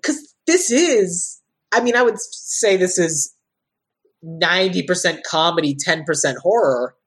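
A woman's voice: lowish voice, animated, a little slow, slightly rough. A woman co-hosting a podcast, chatting loosely about a movie with lots of "like" and restarts. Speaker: podcast co-host. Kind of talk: casual chat about a movie.

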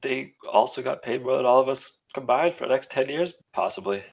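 Gravelly-voiced man teasing in chat. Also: mid-range voice, a little fast. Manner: teasing, dry humor. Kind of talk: casual chat.

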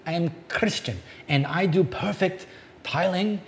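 A man's voice: sits high, rapid-fire, dark tone, a little hiss or hum, voice pushed up. A man voicing an eager, proud male tiler who speaks broken English and keeps repeating short phrases.

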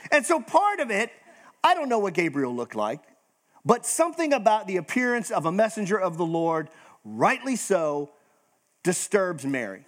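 A male pastor preaching a morning sermon. His voice is high and swoops widely, and he tells the story animatedly, slipping into quick acted-out quotes. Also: sing-song, fairly bright tone.

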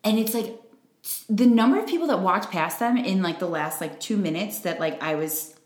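A woman's voice: medium pitch, lively intonation, moderate pace. A young adult woman co-hosting a casual chat, telling stories with lots of fillers. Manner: chatty storyteller, many fillers. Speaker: podcast co-host. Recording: roomy echo.

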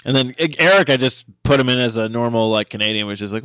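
Male co-host, playful and joking, bright voice, dry dull-sounding recording. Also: mid-range voice, clear, resonant tone, no room sound. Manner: joking, playful, quick to laugh and try voices. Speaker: podcast co-host. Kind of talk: casual chat.

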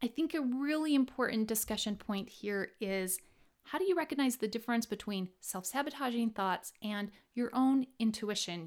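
A woman hosting a reflective personal monologue on self-help, animated and drawing out key words for emphasis. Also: mid-range voice.

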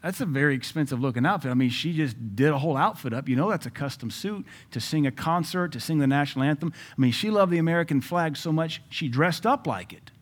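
A man preaching a sermon in an emphatic, conversational way, with asides to his listeners and sudden loud rises. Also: fairly high pitch, expressive, quick pace, hardly any pauses. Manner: jokes and asides to the audience.

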